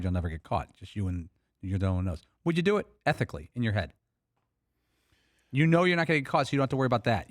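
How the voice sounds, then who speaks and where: A man's voice: mid-range voice, no room sound. A sports radio regular lays out hypothetical questions in an everyday male voice. The sound is dry and close to the mic. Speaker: show regular.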